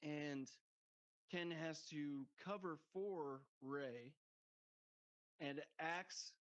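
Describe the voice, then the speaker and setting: A man's voice: on the high side, drawn-out words, fairly bright tone, lo-fi sound. A man chatting about a film on a podcast, rambling with lots of "like" and frequent laughter. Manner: rambling, laughs often, heavy use of "like". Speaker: podcast guest. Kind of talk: casual movie discussion.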